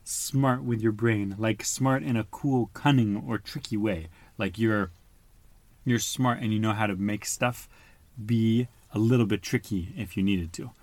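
A man's voice: fairly low pitch, a little slow, a little mellow, no room sound. A man reading a picture book aloud to a child, patiently stopping to explain words and ask questions. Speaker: storybook reader.

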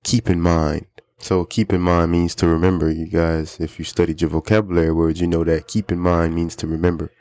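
Deep-voiced man, dry close sound. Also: brisk, no room sound. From United States. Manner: relaxed, repeats phrases for learners. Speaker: podcast host teaching English. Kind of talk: casual teaching chat.

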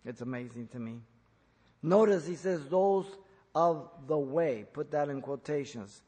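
A man preaching an expository sermon in church, emphatic, rising to loud peaks when quoting. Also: a little high, unhurried, husky, long reverb tail. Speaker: pastor.

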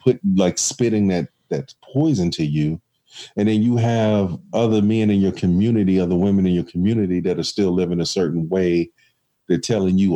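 A man's voice: sits low, moderate pace, warm tone. A man in casual conversation, reflective and storytelling, with many restarts.

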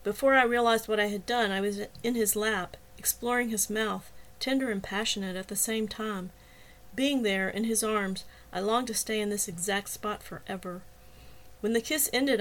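Brief: female author-narrator, measured and softly expressive, audiobook reading. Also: medium pitch. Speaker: author reading her own novel.

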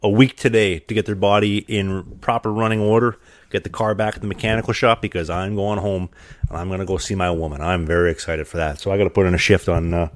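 A man's voice: low voice, fairly even intonation, quick pace, dry recording. Joking young man on a podcast. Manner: joking, playful banter. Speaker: podcast co-host. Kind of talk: casual podcast chat and ad read.

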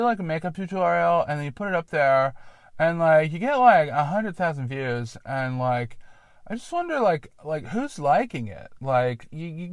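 A man's voice: a little high, no room sound, studio quality. Rambling, self-deprecating male podcaster outdoors. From Columbus, Ohio. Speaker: podcast host. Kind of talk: rambling solo podcast monologue. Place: outdoors in a local park.

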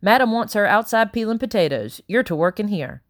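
A woman voicing a bossy, talkative middle-aged housekeeper who scolds briskly and barely stops for breath. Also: mid-range voice, animated, dry recording, clean studio sound, pitched above the performer's own voice, close to an everyday voice. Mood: brusque.

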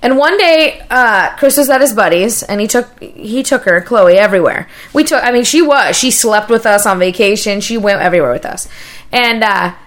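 A woman co-hosting a podcast, telling stories in casual chat, loud and laughing, swearing freely. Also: mid-range voice, animated, moderate pace. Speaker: podcast co-host.

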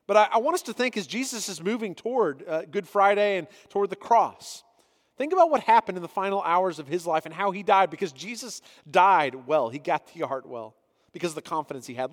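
A man's voice: sits high, in a large hall. A man preaching a sermon as pastor, reading scripture passages aloud and then explaining them earnestly.

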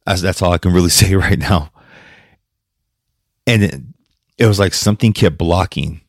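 A man with a deep, low voice talks on his own podcast, choked up and near tears. He stumbles, restarts and laughs through the emotion. The sound is dry and close, with no room echo. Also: normal speed. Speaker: podcast host. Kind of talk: personal podcast monologue.

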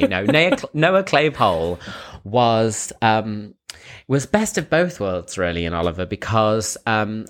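Very deep-voiced woman, lively and joking. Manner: playful, bawdy, giggly, quick to joke. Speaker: podcast co-host. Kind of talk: casual chat.

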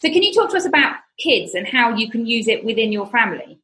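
Chatty podcast host woman, higher voice. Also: very animated, fast talker, sharp tone, slight background noise, low-quality recording. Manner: chatty, self-deprecating, laughs along. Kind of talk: casual podcast conversation.

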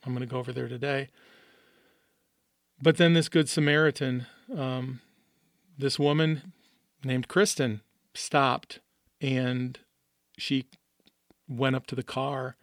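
Middle-aged Midwestern man, podcast host, earnest and emotional, gravelly tone, dry close mic. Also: medium pitch, dry recording. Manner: earnest, openly emotional storytelling. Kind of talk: personal monologue.

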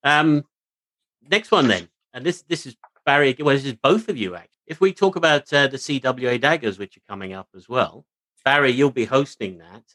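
A man's voice: mid-range voice, lively intonation, a little fast, sharp tone, no room sound, poor audio. A man co-hosting a casual book chat, friendly and hesitant, with many ums and restarts. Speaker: podcast co-host.

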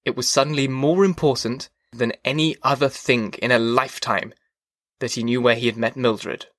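A man reading a novel aloud as an audiobook narrator, in a measured, even manner. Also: medium pitch, no room sound, clean studio sound. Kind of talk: scripted narration.

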